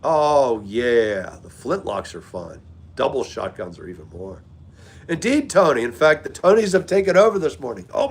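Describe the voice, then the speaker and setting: A man hosting a live stream, chatting casually and greeting viewers by name as he talks. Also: mid-range voice. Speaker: livestream host.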